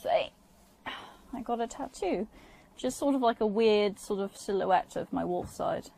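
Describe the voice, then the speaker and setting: A woman's voice: mid-range voice, unhurried, creaky, mellow, poor audio. A woman being interviewed for a documentary, speaking earnestly and hesitantly with frequent fillers.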